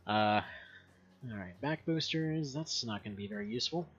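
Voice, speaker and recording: A man's voice: on the low side, animated, normal speed, fairly bright tone, breathy edge, faint music behind. Man streaming a game from home, rambly and laughing a lot, slightly muffled mic. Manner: rambling and chatty, laughs often. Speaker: gaming streamer. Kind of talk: casual gameplay commentary.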